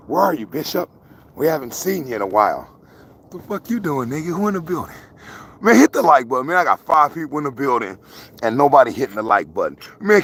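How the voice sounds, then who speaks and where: A man's voice: on the high side, fairly bright tone, a little hiss or hum. Profane joking man vlogging outdoors. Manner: profane, joking, talks to viewers. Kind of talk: casual rambling livestream vlog. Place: outdoors in the country.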